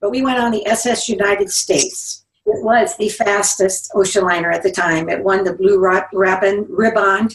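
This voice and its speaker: A woman's voice: mid-range voice, fairly even intonation, moderate pace, few pauses. A woman in her seventies, born in England and raised in South Dakota, chatting as a guest author with wry, anecdotal storytelling. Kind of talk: storytelling interview. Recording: roomy, distant mic.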